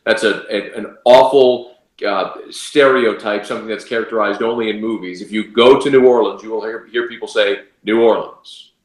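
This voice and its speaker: Guy breaking down football, sure of himself, kinda low voice, echoey room. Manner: confident, opinionated, emphatic. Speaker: radio sports analyst, guest. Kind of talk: casual sports talk analysis.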